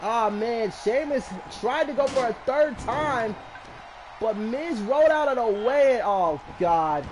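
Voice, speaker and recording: A man commentating a wrestling match as a fan, emotional and shouting at the action. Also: very high-pitched, animated, takes it slowly, noisy background. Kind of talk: excited fan commentary on a video game match.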